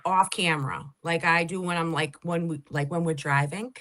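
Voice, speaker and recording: A woman chatting casually on a group call, quick to react and frank. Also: lowish voice, fairly even intonation, fairly bright tone.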